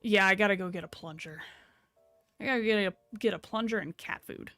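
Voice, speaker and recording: A woman's voice: medium pitch, a little fast, sharp tone, dry recording, faint music behind. A young woman streamer chatting casually from home at her computer, rambling and swearing a little as she wraps up. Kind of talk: casual stream sign-off chat.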